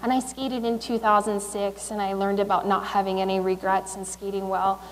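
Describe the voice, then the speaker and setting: In a large hall, a woman in her thirties, a guest speaker and Olympic speed skater, talks to a school assembly in a mid-range voice with little pitch movement and a moderate pace. Her motivational speech is conversational, with fillers and restarts, and the rough recording has a little hiss or hum.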